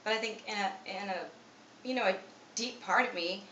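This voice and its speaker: Speaking at medium pitch and normal speed, a woman in her twenties sounds pushed and bright as she anxiously criticizes herself in a rambling confessional vlog loaded with fillers. She's in a room at home. The recording is muffled and echoey, picked up from a distant mic with faint ambient noise.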